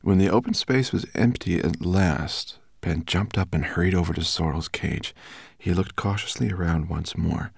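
A man reading an audiobook in a steady, expressive storytelling manner. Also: deep voice, moderate pace, vocal fry, breathy edge, no room sound, studio quality. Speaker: audiobook narrator. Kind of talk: audiobook narration.

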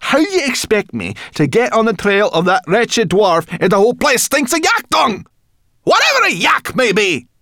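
Man doing a high, cross female brownie. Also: animated, moderate pace, dry recording, studio quality. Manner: cross and grumbling. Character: squeaky fussy female brownie.

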